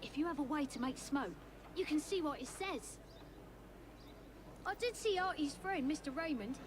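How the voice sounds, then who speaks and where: A woman's voice: sits high, lively intonation, normal speed, noisy background. A woman voicing a gossiping Victorian townswoman in a video game, confiding in a chatty way. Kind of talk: video game character dialogue.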